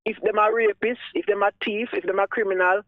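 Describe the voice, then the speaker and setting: A man with a Jamaican accent calls in to a radio show, and his voice comes through a tinny phone line. He speaks earnestly and with emphasis, moving between patois and English in a slightly higher voice. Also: steady tone, a little fast, dry recording. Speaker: caller. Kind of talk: casual talk radio call.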